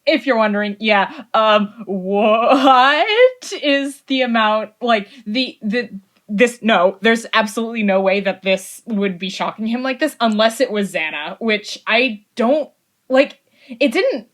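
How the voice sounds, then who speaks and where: A woman's voice: on the high side, slow pace, a bit bright. A woman guest on a podcast, casually chatting and explaining technical details with amusement. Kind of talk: casual chat.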